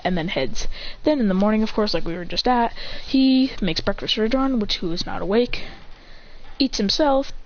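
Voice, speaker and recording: A woman improvising a story out loud, rambling and correcting herself as she goes, and slipping into quick voices for the characters. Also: medium pitch. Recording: dull lo-fi recording.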